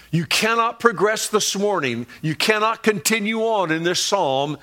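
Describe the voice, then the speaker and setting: A pastor preaching a sermon, telling stories and slowing down to stress key words and scripture. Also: male voice, fairly high pitch, fairly bright tone. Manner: storytelling, slows down for emphasis on key words.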